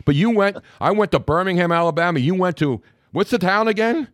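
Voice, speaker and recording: Lively older radio host from Philly. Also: male voice, sits high, no echo, clean studio sound. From Philadelphia. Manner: animated, joking, quick banter. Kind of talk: casual radio talk.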